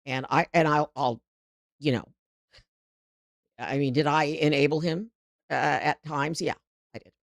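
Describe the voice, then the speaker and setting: Brief: middle-aged woman, lowish voice, dry close sound, heated rambling commentary. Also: steady tone, measured pace, gravelly, pauses often, no echo. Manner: heated, rambling, frequent restarts. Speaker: political show host. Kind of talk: live political commentary.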